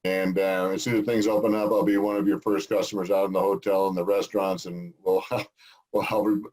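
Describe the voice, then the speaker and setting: Man, co-host, low voice, folksy, laughs a lot, casual chat. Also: flat delivery, brisk, darkish tone, rough recording. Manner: folksy, laughs often, stammers on restarts. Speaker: co-host, former football player.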